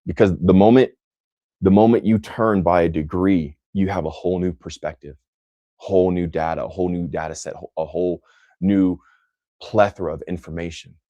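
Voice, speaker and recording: A man with a very low voice speaks intensely and emphatically, hammering phrases through repetition as he answers viewers. The sound is dry and close, with no room around it. He turns scornful when he talks about critics. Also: fairly even intonation, moderate pace, dark tone, dry recording, lo-fi sound. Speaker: host answering live comments. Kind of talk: motivational livestream talk.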